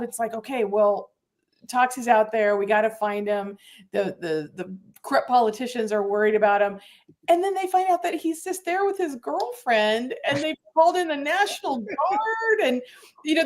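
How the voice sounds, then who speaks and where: A woman co-hosting a movie podcast, recapping a film in an animated, chatty way. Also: high-pitched. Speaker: podcast co-host. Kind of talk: casual movie discussion.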